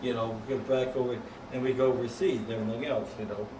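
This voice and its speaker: A man's voice: medium pitch, fairly even intonation, quick pace, dark tone, slight background noise. A man in his eighties telling old army stories in a rambling, folksy way, often chuckling and adding "you know what I mean.". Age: 80s. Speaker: World War II veteran. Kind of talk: oral history storytelling. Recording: roomy home recording from a distance, faint ambience.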